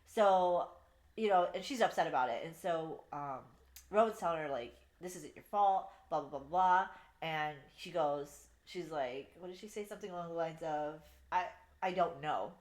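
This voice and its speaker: Lower-voiced young woman gushing over a book. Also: moderate pace. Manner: animated retelling, frequent swearing, laughs at favorite parts. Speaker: podcast co-host. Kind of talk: casual book review chat. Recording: echoey room.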